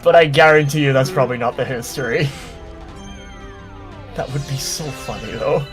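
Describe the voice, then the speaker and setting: A man's voice: medium pitch, normal speed, faint music behind. Crude, joking Irish young man. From Ireland. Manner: crude, joking, often laughing. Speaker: streamer. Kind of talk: casual chat while gaming.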